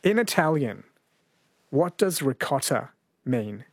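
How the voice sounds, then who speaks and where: A man's voice: mid-range voice, big pitch swings, takes it slowly, husky, no echo. A man, hosting a talkback radio quiz and reading out listener texts in an easygoing way. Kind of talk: late-night talkback radio. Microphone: studio microphone.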